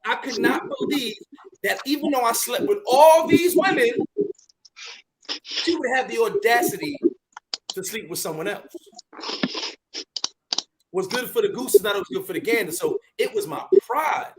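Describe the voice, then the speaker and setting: High-voiced man telling an animated story. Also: moderate pace, long pauses, very noisy. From New York. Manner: animated, acts out his own shouting and repeats words. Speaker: podcast host. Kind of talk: storytelling in casual chat.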